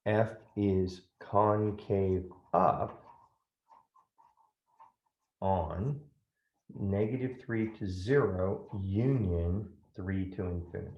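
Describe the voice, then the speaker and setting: Guy walking through a math lesson, lowish voice, goes up and down a lot, roomy echo. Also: darkish tone. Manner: step-by-step, checks in with "right?". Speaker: math teacher.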